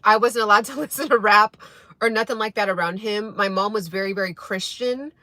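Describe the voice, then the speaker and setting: A woman's voice: medium pitch, brisk, pushed and bright, no room sound. A young woman chatting casually to her viewers, rambling as she eats breakfast. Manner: rambling, chatty, eating while talking. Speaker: vlogger. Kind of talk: casual chat to camera while eating.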